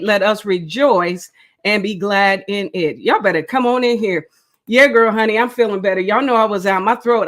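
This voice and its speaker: High-pitched exuberant woman host. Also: fairly bright tone. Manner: exuberant, calls viewers honey, breaks into song. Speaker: host of a crochet livestream. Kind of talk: live stream chat.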